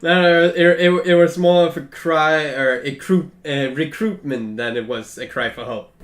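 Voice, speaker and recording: A man's voice: a little high, moderate pace, reverberant. A man narrating as game master of a tabletop game, hesitant with many fillers.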